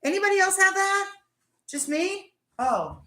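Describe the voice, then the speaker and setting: Bright-voiced, chatty woman livestreaming. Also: extremely high pitch, big pitch swings, measured pace, echoey room, a little hiss or hum. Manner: chatty, laughing, tells stories with acted-out quotes. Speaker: livestream host. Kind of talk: casual live chat.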